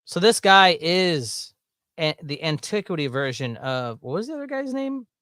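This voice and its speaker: A man with a Southern US accent, rambling through casual watch-along commentary, full of fillers and quick laughs. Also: on the high side, very animated, bright, forceful tone, no room sound, studio quality. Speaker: streamer reacting to videos.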